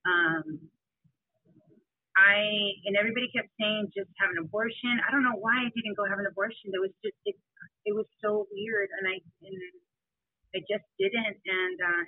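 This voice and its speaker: A woman telling her life story in an interview, halting and emotional, with many restarts. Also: medium pitch, husky, no room sound. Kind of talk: personal testimony. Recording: tinny phone-like line, dry.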